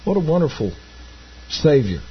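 Husky preacher man, dull recording. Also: fairly high pitch, very animated, normal speed. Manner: reads scripture aloud, then explains it in plain asides. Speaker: pastor. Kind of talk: sermon.

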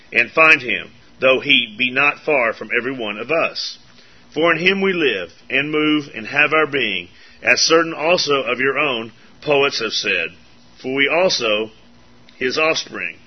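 A man reads scripture aloud at a church service, steady and measured. His voice is husky and slightly breathy. The recording is dull and lo-fi. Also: mid-range voice. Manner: measured King James reading.

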